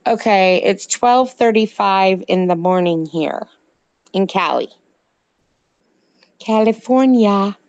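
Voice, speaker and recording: A woman's voice: mid-range voice, slow pace, long pauses, a little mellow, no room sound, dull audio. A woman with a slight New Jersey accent, co-hosting a casual late-night live chat and rambling to viewers in the chat. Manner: chatty, rambling, answers viewer comments. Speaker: livestream co-host. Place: home in California at night.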